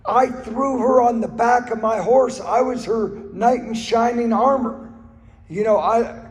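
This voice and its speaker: Man, very high voice, earnest testimony, repeats phrases, long hall reverb. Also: a little slow. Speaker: speaker sharing his recovery story. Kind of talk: personal testimony talk.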